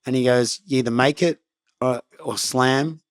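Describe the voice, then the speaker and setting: A man's voice: medium pitch, fairly even intonation, normal speed. A middle-aged Australian man with an Australian accent, telling stories as a guest in a casual interview, rambling with lots of "like" and acted-out quotes. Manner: rambling, laid-back, lots of "like" and quoted self-talk.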